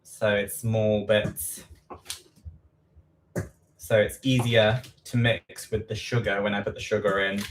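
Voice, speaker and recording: A man's voice: fairly low pitch, level tone, slow pace, pauses often, slight background noise. Chatty East London man baking at home. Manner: chatty, self-deprecating, repeats quantities aloud. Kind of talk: casual live baking chat. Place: home kitchen.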